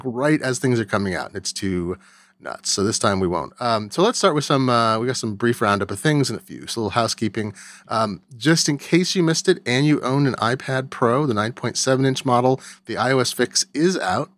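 A man in his forties hosts a tech podcast at a mid pitch, chatty and a little hesitant with filler words. His voice is close and dry on a studio mic. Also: fairly bright tone, dry recording. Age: 40s. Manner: conversational, hesitant with frequent "uh" and "um". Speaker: podcast host. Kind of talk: casual chat.

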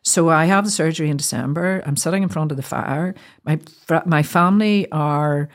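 A middle-aged Irish woman's voice sits low as she tells a personal story while guesting on an interview. She speaks haltingly with many filler words and fresh starts.

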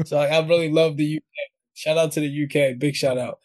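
A man with a New York accent chats as an interview guest in a relaxed, slangy way. His voice sits a little high for a man, and he laughs often between stories. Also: fairly quick. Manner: laid-back slangy talk, laughs often. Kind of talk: casual interview chat.

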